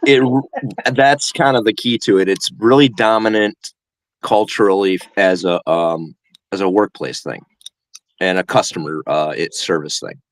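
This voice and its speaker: A man's voice: sits low, a little slow, dry recording. A man chatting casually on a live stream, rambling and laughing often. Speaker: guest co-host.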